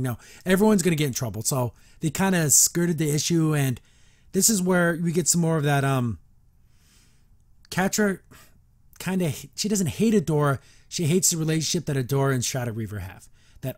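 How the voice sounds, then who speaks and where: A man's voice: on the high side, animated, a little fast, darkish tone, no room sound, studio quality. A male podcast host reading a book aloud and reviewing it in a chatty, rambling way, restarting often.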